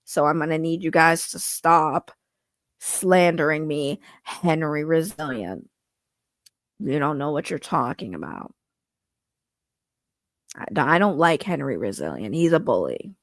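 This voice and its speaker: A woman impersonating a smug, defensive male filmmaker who talks low and slow through a stuffy, nasal voice, forcing an articulate, condescending tone. The parody voice sits low and is recorded close and dry, with no room sound. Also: lively intonation, dry recording. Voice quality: nasal, congested. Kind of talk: parody impression.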